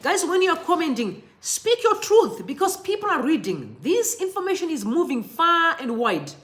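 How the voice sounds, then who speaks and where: A woman's voice: very high-pitched, very animated, moderate pace, fairly bright tone. A woman from Zimbabwe, hosting impassioned political commentary and speaking directly to her viewers with emphatic repetition.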